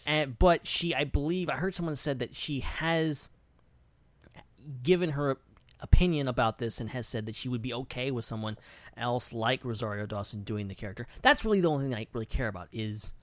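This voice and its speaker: A man's voice: mid-range voice, fairly quick, fairly bright tone, no room sound. Male co-host, chatty, hedges his takes, close dry mic. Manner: thinks aloud, qualifies his opinions. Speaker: podcast co-host. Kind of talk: casual podcast chat.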